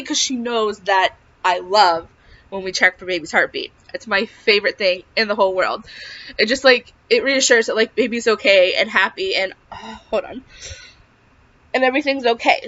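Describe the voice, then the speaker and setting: A woman's voice: mid-range voice, normal speed, bright, forceful tone. A young woman telling a personal story in a casual vlog, chatty and full of filler words. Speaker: vlogger. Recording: slightly dull lo-fi sound.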